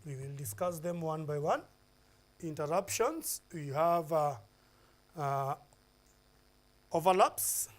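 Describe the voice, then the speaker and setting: A man's voice: on the high side, animated, slow pace, long pauses. Kenyan man teaching an English lesson. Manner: emphatic, lists points one by one with fillers. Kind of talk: televised classroom lesson.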